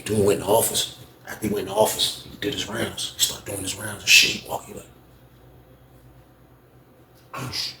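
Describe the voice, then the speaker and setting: A young man telling a story casually, animated, slangy and profane. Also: lowish voice. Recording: roomy echo, faint background noise.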